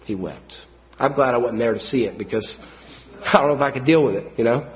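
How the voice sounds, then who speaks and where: Emphatic preacher, lo-fi sound. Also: male voice, mid-range voice, a little fast. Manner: swings from hushed storytelling to loud emphatic preaching. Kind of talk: sermon. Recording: dull lo-fi sound.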